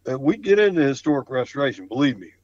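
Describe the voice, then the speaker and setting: A man's voice: medium pitch, big pitch swings, quick pace, a little mellow, no echo, dull audio. A man talking about his flooring work on a podcast, enthusiastic and full of stammered restarts. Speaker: flooring contractor guest. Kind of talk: casual podcast conversation.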